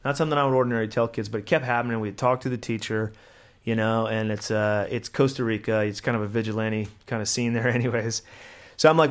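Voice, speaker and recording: A man in his thirties, co-hosting a podcast, telling a long anecdote in a rambling, animated way. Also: on the low side, fast. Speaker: podcast co-host. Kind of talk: casual chat, storytelling.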